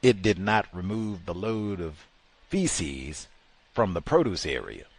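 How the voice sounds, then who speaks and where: Talk host, male, low voice with wide swings, rambling exasperated storyteller. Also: big pitch swings, slow pace, husky. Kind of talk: casual anecdote telling.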